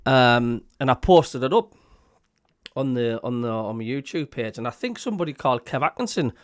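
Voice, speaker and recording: Heard through clean studio sound with no echo, the host talks at medium pitch and a moderate pace. He's a Sunderland-accented man spinning lively tales on a relaxed podcast, laughing and putting on the voices of others.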